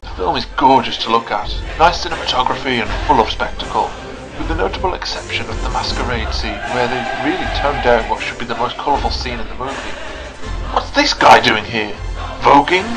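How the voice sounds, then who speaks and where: A man narrating a scripted film review in a sarcastic, animated, mocking way. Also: mid-range voice, fairly quick, over music, rough recording.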